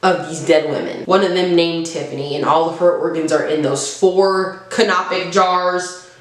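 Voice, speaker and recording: A woman's voice: on the low side, steady tone, normal speed, a little hiss or hum. A woman hosting a book channel, reading a novel aloud and recapping it in a casual, jokey way. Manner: casual and jokey, swears, laughs at her own slips. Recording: echoey room.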